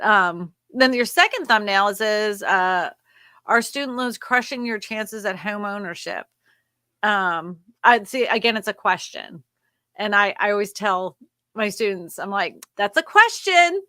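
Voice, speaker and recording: Bright-voiced woman coaching plainly. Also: mid-range voice, no room sound. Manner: direct coaching, quick asides. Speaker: co-host giving thumbnail feedback. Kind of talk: casual livestream critique.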